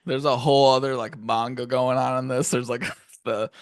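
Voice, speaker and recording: A young man chats on a podcast with a gravelly, fry-edged voice. He is recorded dry and close. He laughs a lot, swears freely and slips into exaggerated character voices. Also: mid-range voice, flat delivery, normal speed, dry recording. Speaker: podcast co-host. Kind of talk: casual chat.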